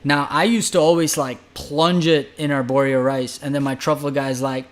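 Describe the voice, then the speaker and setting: A man's voice: medium pitch, level tone, normal speed, few pauses. A man who is a chef, chatting loosely about cooking on a podcast with many fillers and restarts. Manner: loose, rambling, filler-heavy. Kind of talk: casual chat.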